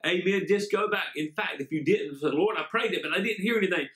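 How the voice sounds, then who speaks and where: A man's voice: high-pitched, fast talker, pushed and bright. Fervent man preaching in an echoey room. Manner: fervent, repeats amen and hallelujah. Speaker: pastor. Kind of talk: online sermon with prayer.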